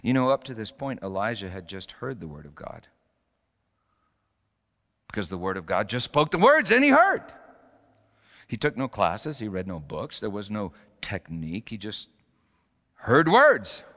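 Lively preaching man in a reverberant hall. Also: fairly low pitch, normal speed, long pauses. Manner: dramatic storytelling with rising emphatic peaks. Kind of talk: sermon.

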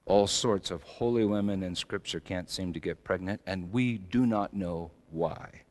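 A middle-aged male pastor preaching a sermon, swinging between loud emphatic lines and soft, low asides. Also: unhurried.

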